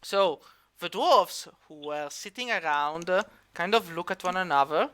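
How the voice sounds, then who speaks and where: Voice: medium pitch, expressive, moderate pace, a bit bright, clean tone. A game master narrating a tabletop game, with many fillers and restarts.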